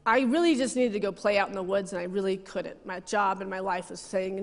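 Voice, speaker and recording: Woman minister, mid-pitched voice, chatty personal sermon delivery, long hall reverb. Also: quick pace, creaky, few pauses. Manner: personal storytelling, frequent laughs and asides. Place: church sanctuary.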